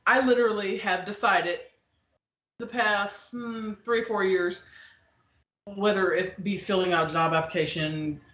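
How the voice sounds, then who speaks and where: A woman hosting a podcast in casual, opinionated chat, blunt and animated, often acting out the people she quotes. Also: mid-range voice, unhurried. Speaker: podcast host. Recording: echoey, dull lo-fi room.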